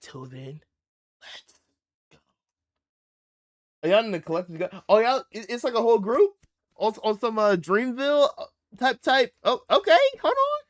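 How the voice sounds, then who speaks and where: A young man hosting a live reaction stream, talking in a casual, slangy and excitable way and laughing easily. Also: high-pitched, moderate pace, long pauses. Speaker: livestream reaction host.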